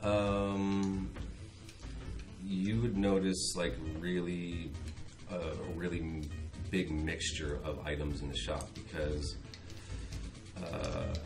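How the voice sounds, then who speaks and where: A man with an extremely deep, flat voice plays in a tabletop game, halting and full of fillers. The room is echoey, and music plays clearly behind him. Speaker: player. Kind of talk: casual tabletop play.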